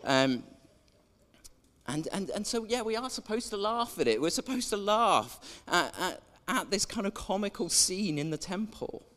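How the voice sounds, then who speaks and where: A man's voice: high-pitched, big pitch swings, measured pace, a bit bright. A man preaching a sermon in a chatty way, drawing in the congregation with questions. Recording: echoey church hall.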